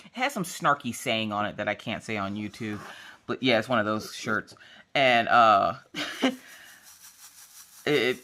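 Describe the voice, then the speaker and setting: A woman vlogging about diamond painting, chatting casually as she works and telling stories in a lively, slangy, playful way. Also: a bass voice, normal speed, slight background noise. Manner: acts out quotes in changing voices. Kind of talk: casual chat while crafting.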